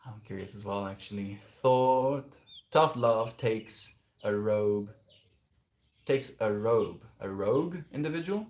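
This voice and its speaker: A man's voice: lowish voice, fairly even intonation, takes it slowly. A man on a casual livestream outdoors, reading viewer messages aloud and musing on them in a reflective way. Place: outdoors, quiet spot.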